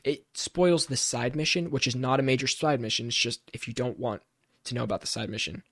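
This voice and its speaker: A man's voice: medium pitch, a little fast, no echo, clean studio sound. A young man co-hosting a casual gaming podcast, telling a story with rising, worked-up energy. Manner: animated storytelling, rises when worked up. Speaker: podcast co-host.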